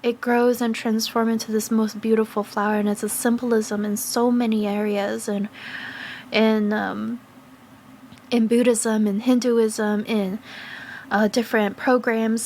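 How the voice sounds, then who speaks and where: A woman reads oracle cards in a soft, affirming way, slowing down and pausing between her words. Her voice sits a little high. A faint hiss of noise runs under the recording. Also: level tone. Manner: soft, slow, affirming, with pauses and fillers. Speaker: tarot and oracle card reader. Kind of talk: gentle spiritual card reading.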